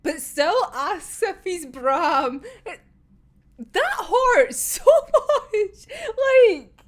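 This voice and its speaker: A woman riffing through her reactions in a loose, chatty way, cursing freely and laughing often. Her voice sits high and swings widely up and down, while her delivery stays unhurried. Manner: animated, swears a lot, laughs often. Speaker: manga reaction commentator. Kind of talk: casual reaction commentary.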